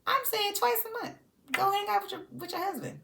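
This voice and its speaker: A woman's voice: extremely high pitch, big pitch swings, fairly quick, vocal fry, pushed and bright, a little hiss or hum. A woman giving casual, sassy reality TV commentary. She laughs often and talks to her subjects directly.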